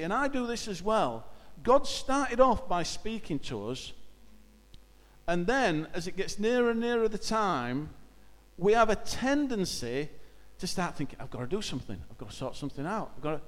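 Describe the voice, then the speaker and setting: A man's voice: high-pitched, big-room sound. A man giving an informal church talk, speaking conversationally and hesitantly with many fillers.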